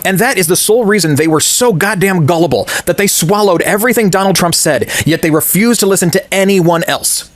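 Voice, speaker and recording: Fast, scornful man with a lively high voice. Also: dry recording. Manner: profane, sarcastic and scornful. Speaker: political commentator. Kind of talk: ranting video commentary.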